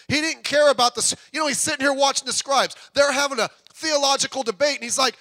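High, bright-voiced preacher man. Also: fairly quick, no room sound. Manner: conversational preaching with humor and swells of intensity. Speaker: pastor. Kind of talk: sermon.

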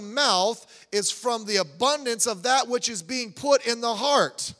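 A man preaching a sermon in a church, talking conversationally with asides, restarts and quick jokes. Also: very high-pitched, a bit bright. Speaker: pastor. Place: church sanctuary. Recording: long church hall reverb.

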